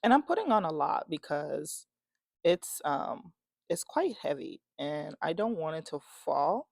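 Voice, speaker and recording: A woman's voice: deep voice, big pitch swings, a little slow, gravelly, no room sound, clean studio sound. A young woman chatting casually in a home vlog, rambling, restarting her sentences and giggling often. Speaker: vlogger. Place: home, indoors.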